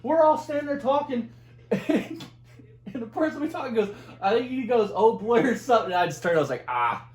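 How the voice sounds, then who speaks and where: Twenties guy, high voice, animated laughing retell, echoey room. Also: a little fast. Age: 20s. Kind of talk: casual profane chat.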